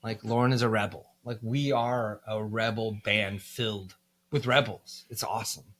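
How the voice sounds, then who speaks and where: A man's voice: on the low side, steady tone, normal speed, fairly bright tone. An American man, a band musician, telling stories in a casual podcast interview, candid and profane, with plenty of fillers. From United States.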